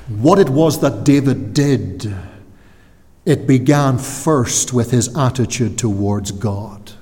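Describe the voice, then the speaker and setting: A man preaching an expository sermon, earnest and emphatic, slowing down to give weight to key phrases. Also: mid-range voice, a little mellow. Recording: long hall reverb.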